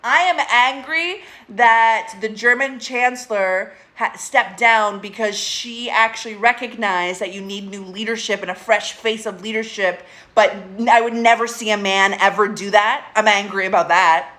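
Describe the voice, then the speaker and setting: A woman's voice: medium pitch, moderate pace, hardly any pauses, sharp tone. A woman hosting a casual live stream from home, speaking candidly, swearing often and laughing between her thoughts. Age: adult, getting older. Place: at home with a pet.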